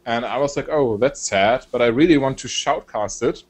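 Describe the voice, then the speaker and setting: A young man with a German accent chats casually as a guest, relaxed and hesitant, filling pauses with ums. His voice sits in an ordinary middle pitch. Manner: relaxed, hesitant with fillers, laughs often. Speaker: guest, game shoutcaster. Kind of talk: casual chat.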